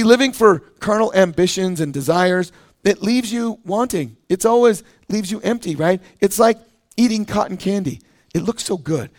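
A middle-aged man preaching a sermon as pastor, in an animated, conversational way, often acting out quoted voices. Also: sits high. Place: church.

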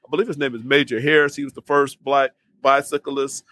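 A man's voice: mid-range voice, little pitch movement, fairly quick. A man who is a guest on a podcast, chatting in a friendly way, often laughing and restarting his sentences. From Michigan. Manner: warm, laughing, stammers and restarts. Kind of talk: casual interview chat.

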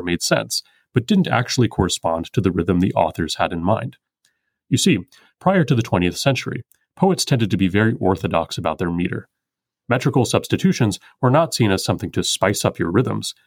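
A man hosting a poetry podcast, explaining meter in a measured, precise, scripted way. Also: lowish voice, no room sound.

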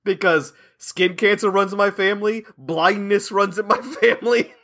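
A man's voice: high-pitched, steady tone, normal speed, fairly bright tone. A young man on a podcast, ranting in a self-mocking way, laughing and swearing often as he complains. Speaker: podcast co-host. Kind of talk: casual podcast banter.

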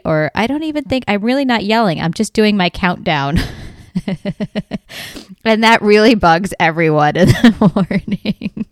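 A woman's voice: medium pitch, clean tone, no room sound, studio quality. A woman hosting a comedy podcast, talking in a chatty, exasperated way and laughing often. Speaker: podcast host. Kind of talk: casual comedic monologue.

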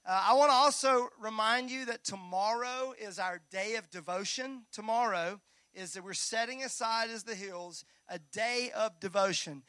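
A male pastor preaching a Sunday sermon in a church, energetic and joking with the congregation. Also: high-pitched, no echo. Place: church sanctuary.

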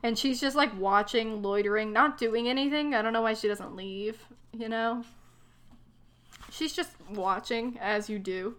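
A young woman in casual chat, retelling a book plot with sarcastic, animated mocking voices. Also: on the high side, unhurried. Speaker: book discussion co-host.

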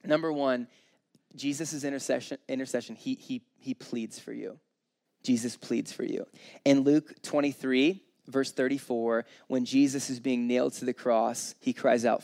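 A man's voice: medium pitch, little pitch movement, normal speed, a little mellow. A man in his thirties preaching an informal, earnest sermon, counting through his points and acting out quotes in a conversational way. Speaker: pastor.

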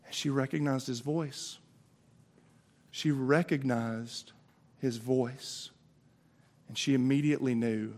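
A man's voice: medium pitch, fairly even intonation, slow pace, pauses often, a little mellow. A man with a Southern US accent preaching an Easter sermon, impassioned and conversational, often restarting his words. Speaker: pastor.

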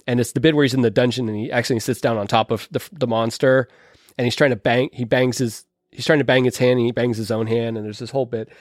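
Male podcaster, mid pitch, rambling and enthusiastic, dry close sound. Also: steady tone, fast talker, no room sound. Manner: rambling, many restarts, enthusiastic. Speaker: podcast host or guest discussing films. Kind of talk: casual chat.

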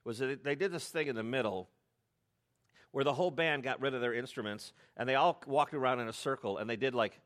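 A middle-aged man from the United States preaching a sermon, telling stories in a conversational way with animated asides. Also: medium pitch, brisk. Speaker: pastor.

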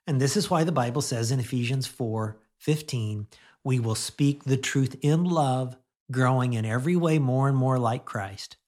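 A middle-aged man giving a conversational radio sermon, chatting gently and laughing now and then, then leading a prayer. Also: medium pitch, normal speed. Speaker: pastor.

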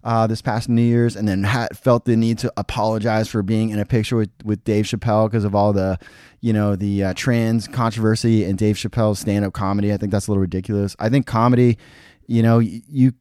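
A blunt, opinionated man talks casually through his reviews, swearing as he goes. His voice sits low, and the recording is dry and close with no room sound. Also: level tone, brisk, warm tone, clean tone, no room sound. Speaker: podcast host.

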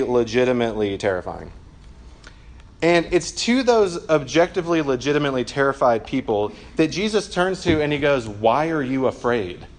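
A young adult man, a pastor, giving a sermon in a relaxed, conversational way, with frequent filler words and quick self-corrections. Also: mid-range voice.

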